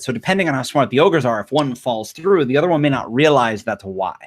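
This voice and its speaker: Relaxed male player thinking aloud at a game table. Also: medium pitch, fast, few pauses. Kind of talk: casual chat at a game table.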